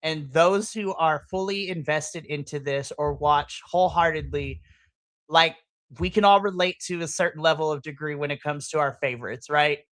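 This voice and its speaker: A woman's voice: sits low, normal speed, dry recording. A woman hosting a live podcast in a casual chat. She rants with passion, breaking into playful, exaggerated asides. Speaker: podcast host. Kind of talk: casual livestream reaction chat.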